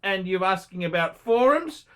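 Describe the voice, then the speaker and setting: A man's voice: high-pitched, expressive, normal speed, sharp tone, smooth. Profane, blunt Australian man ranting. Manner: blunt, heavily profane, scolding. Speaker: watch reviewer answering a viewer. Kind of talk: unscripted paid review rant.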